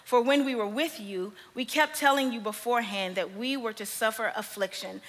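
A young woman preaching a sermon, telling stories with animated energy and frequent laughter. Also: fairly high pitch, moderate pace. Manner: animated storytelling, laughs often. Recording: long reverb of a large hall.

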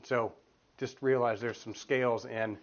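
A man's voice: mid-range voice, fairly even intonation, measured pace. A man in his forties giving a casual, earnest teaching talk to a church group, telling stories with many restarts. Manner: earnest, storytelling with frequent restarts. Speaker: guest speaker at a church group. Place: meeting room with children's group next door. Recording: dull lo-fi room recording.

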